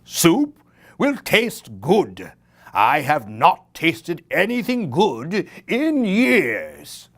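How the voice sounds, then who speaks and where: A man doing a loud clacking skeleton. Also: a little high, wildly swooping pitch, drawn-out words, heavily acted. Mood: playful. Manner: loud, eager exclamations. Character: clacking skeleton, mischievous yet timid.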